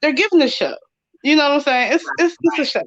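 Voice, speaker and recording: A woman in her thirties co-hosting a casual livestream chat, relaxed and laughing often. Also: high voice, fast, no room sound. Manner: relaxed, laughs often, says "you know what I'm saying". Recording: dull dry lo-fi audio.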